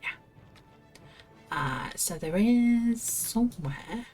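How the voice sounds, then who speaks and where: A woman's voice: mid-range voice, expressive, very slow, darkish tone, faint music behind. A woman streaming a video game, chatting casually, laughing to herself and reading quest text aloud. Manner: chatty, giggly, talks to herself.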